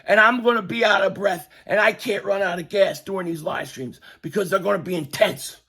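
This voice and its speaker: Hoarse fired-up guy doing fan sports rants, highish voice, kinda raspy. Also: a little fast. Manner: excitable, yelling and ranting. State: voice going hoarse. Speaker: sports podcast host. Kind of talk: fan commentary live stream.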